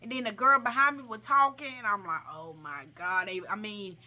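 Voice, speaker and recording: Young woman, casual storytime vlog, slangy and animated, higher bright voice. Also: a little fast. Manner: animated, slangy, repeats herself for emphasis. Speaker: vlogger.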